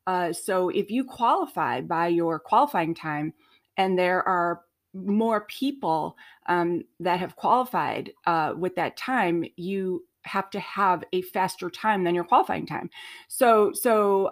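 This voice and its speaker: A woman's voice: lowish voice, measured pace. A woman hosting a podcast, asking questions and explaining things with many fillers. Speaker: podcast host. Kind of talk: conversational podcast interview.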